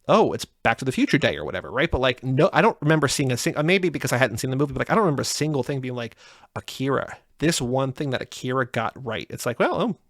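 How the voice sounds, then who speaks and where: A man's voice: medium pitch, very fast, few pauses, no echo, studio quality. Rambling male podcast co-host. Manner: rambling, many "like" fillers, animated quoting. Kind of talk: casual chat.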